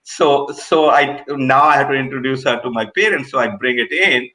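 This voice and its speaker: A man in casual conversation, telling anecdotes with animated retellings. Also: mid-range voice, moderate pace, rough recording. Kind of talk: casual chat.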